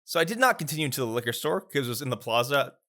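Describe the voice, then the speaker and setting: Animated, bright-voiced man priest. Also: very fast. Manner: animated storyteller, lively pitch. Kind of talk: casual storytelling chat.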